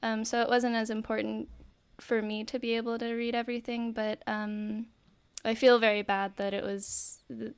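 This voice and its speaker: A woman's voice: on the high side, normal speed, clean tone. A woman who is a guest on a podcast, telling a story in casual chat. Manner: storytelling, animated.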